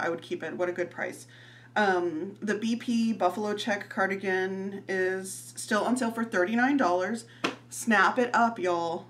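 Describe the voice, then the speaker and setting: A woman's voice: medium pitch, fairly bright tone. A woman, chatting casually and giggling as she talks viewers through clothing prices in a fashion vlog. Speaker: fashion vlogger. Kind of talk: casual try-on haul chat.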